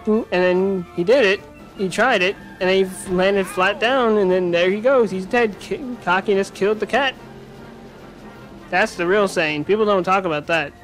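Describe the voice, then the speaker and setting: A man giving let's-play commentary on a racing video game, rambling through animated, self-mocking jokes as he plays. His voice sits high for a man, with faint game music playing softly behind him. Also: moderate pace. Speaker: gaming commentator.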